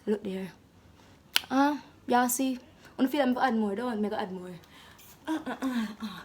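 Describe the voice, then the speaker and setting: Young Jamaican woman, slightly high voice, playful, animated vlog host. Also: moderate pace, long pauses, slight background noise. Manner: playful, animated, slips into patois. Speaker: vlogger. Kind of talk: casual vlog chat to camera.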